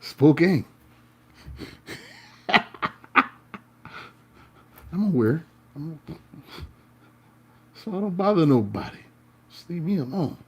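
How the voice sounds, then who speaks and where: A man with a slightly husky voice talks to his viewers as a tarot reader and life coach, his pitch bouncing all over the place. He tells his stories playfully, swinging between loud bursts and hushed asides. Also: big pitch swings, slow pace, pauses often. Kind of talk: casual storytelling to viewers.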